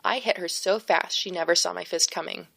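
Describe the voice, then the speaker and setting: A woman reading a first-person novel aloud as an audiobook narrator, steady and expressive, close to the mic. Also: lowish voice, brisk, creaky, no room sound. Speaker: audiobook reader.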